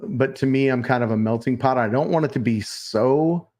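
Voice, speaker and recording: A man in his forties from Texas chats as a podcast guest. He sounds friendly and a bit hesitant, pausing with fillers as he goes. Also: mid-range voice, darkish tone. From Texas, USA. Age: 40s. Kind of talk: casual chat.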